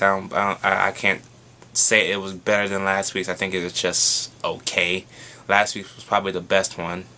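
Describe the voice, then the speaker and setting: A man giving a casual, chatty review of a TV episode, excitable and swearing freely. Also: sits low.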